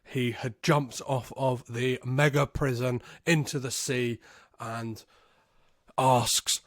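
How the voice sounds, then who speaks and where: A man hosting a podcast, recapping a movie casually, swearing freely and gleefully, and slipping into quick impressions of the characters. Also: medium pitch, fairly even intonation, no echo, clean studio sound. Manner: profane and gleeful, swears constantly. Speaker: podcast host.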